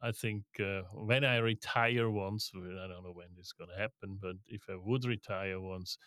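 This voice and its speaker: Middle-aged man, guest, a lowish voice, dry close sound, lively anecdotes. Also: normal speed, dry recording. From Switzerland. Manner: lively storytelling with laughs, frequent restarts. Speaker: guest, investment firm co-founder. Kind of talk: casual interview talk.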